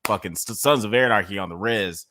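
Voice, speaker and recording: A man hosting a casual podcast chat, his voice on the low side and bright with a forceful edge. He recaps the plot and puts questions to the group. The sound is dry and close. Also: a little fast, no room sound. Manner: leads the discussion with recaps and questions. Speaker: podcast host.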